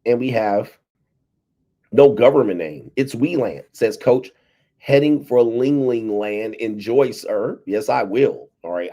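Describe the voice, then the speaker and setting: This livestream host has a lowish, warm voice; he chats loosely with his viewers, laughs a lot, and reads their chat messages out.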